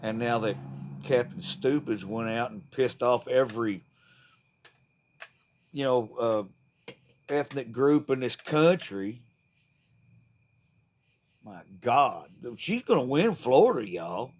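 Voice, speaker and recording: A man's voice: mid-range voice, lively intonation, takes it slowly, pauses often, a little mellow, slight background noise. A man delivering a profane, fired-up, rambling political rant to the camera. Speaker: vlogger.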